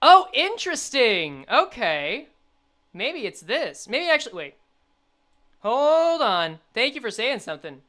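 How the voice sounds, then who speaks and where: A young woman streaming a game, chatting and reading the story aloud, animated and quick to laugh. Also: fairly high pitch.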